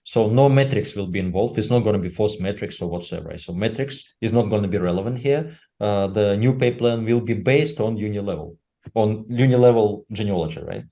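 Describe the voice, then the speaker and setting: Guy on a webinar, lowish mellow voice, lots of uh's and "right?". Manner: halting, full of "uh" and tag "right?". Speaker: company leader speaking on a webinar. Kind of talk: unscripted webinar talk.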